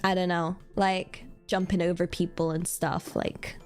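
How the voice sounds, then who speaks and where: A woman's voice: lowish voice, little pitch movement, measured pace, smooth, faint music behind. A young British woman hosting a stream, chatting casually and giggling, acting out quoted voices. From Britain. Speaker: streamer host. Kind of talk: casual chat.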